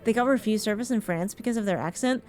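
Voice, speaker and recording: A woman's voice: medium pitch, fast, darkish tone, faint music behind. A woman from Ontario in Canada, chatting frankly and casually with her viewers while she streams a game, swearing now and then. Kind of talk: casual live-stream chat while gaming.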